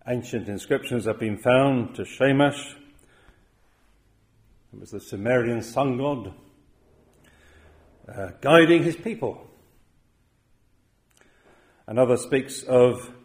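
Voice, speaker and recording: A male pastor delivering a sermon at an unhurried pace. His pitch sits in an ordinary middle range, and he leans on quoted verses with deliberate emphasis. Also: darkish tone. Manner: measured, emphatic preaching with slow quoted verses.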